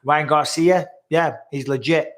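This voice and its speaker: A man from northwest England with a matching accent hosts a loose live-stream chat, answering viewers' comments. His voice sits a touch higher than most men's. He is blunt and jokey, and he swears freely. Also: steady tone, measured pace. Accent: northwest English.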